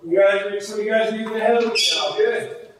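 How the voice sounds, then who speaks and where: Male goalie coach, high voice, energetic drill cues, booming echo, far from mic. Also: fast, background noise. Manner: energetic, repetitive cueing. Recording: very echoey, distant mic.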